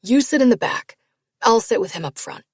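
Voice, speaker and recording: Woman reading a calm peacemaking young man. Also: on the high side, moderate pace, slightly rough, no room sound, studio quality. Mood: placating. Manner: trying to calm things down.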